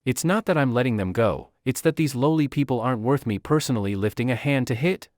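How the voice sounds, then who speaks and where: A man voicing an arrogant, hot-tempered young nobleman who shouts at commoners. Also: mid-range voice, animated, fast talker, no room sound, studio quality, close to an everyday voice. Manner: haughty, shouting.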